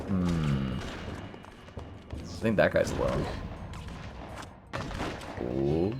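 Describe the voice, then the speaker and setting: A man's voice: extremely low pitch, animated, very slow, gravelly, background noise. A man streaming a horror action game, joking sarcastically at the game and his chat. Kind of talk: live gameplay commentary. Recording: game music and gunfire behind.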